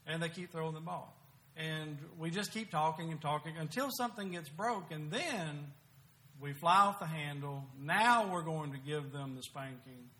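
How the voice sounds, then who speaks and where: A man's voice: on the high side, normal speed, bright, forceful tone. A middle-aged man preaching a sermon, telling homey stories with frequent restarts. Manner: folksy storytelling preaching with restarts.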